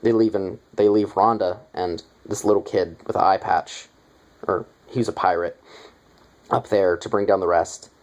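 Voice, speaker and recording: A man's voice: sits low, steady tone, moderate pace, a little mellow, poor audio. A young man casually retelling a movie's plot in a review, rambling with lots of fillers and offhand asides.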